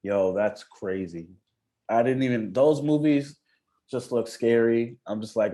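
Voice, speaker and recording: Laid-back slangy rapper guest. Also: male voice, lowish voice, a little slow, dark tone. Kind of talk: casual chat.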